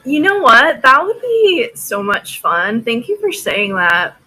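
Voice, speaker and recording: A woman's voice: a little high, sing-song, takes it slowly, sharp tone, poor audio. A woman hosting a casual live-stream auction, chatting with viewers by name and laughing often.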